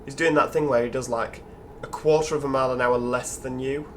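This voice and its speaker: A man's voice: mid-range voice, steady tone, a little fast, slight background noise. A man with a Yorkshire accent hosting casual gameplay commentary, chatty, musing aloud and talking to the other drivers. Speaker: gaming channel host.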